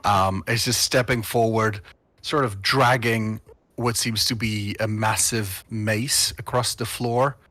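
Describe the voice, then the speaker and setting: A man's voice: fairly low pitch, steady tone, slow, bright, forceful tone, no echo. A man narrating as game master of a tabletop game, rambling with many fillers.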